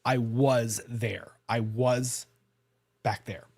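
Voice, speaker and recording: A man's voice: mid-range voice, fairly even intonation, drawn-out words, darkish tone, dry recording. Man telling a courtroom story, dry sound. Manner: conversational, frequent restarts and self-corrections. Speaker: lawyer and podcast host. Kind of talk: casual storytelling chat.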